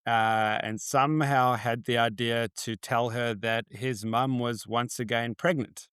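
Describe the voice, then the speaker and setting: A man speaking as a podcast guest, measured and unhurried, often pausing with "um". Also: mid-range voice, fairly even intonation, a bit bright, clean tone, dry recording, studio quality. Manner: measured, many ums and pauses. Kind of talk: casual chat.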